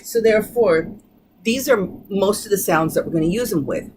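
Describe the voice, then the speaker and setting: A woman teaching English pronunciation, modeling each sound slowly and patiently. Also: medium pitch, expressive, background noise. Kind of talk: pronunciation lesson.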